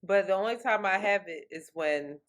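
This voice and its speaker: A woman's voice: mid-range voice, normal speed. A woman co-hosting a podcast in casual chat, teasing and blunt, often laughing. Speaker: podcast co-host.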